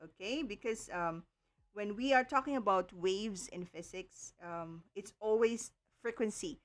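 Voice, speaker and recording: A woman tutoring students over a livestream. She talks slowly and deliberately at a medium pitch, pausing often to check understanding. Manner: slow, careful explaining with frequent okays and ums. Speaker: online tutor. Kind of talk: livestream lesson.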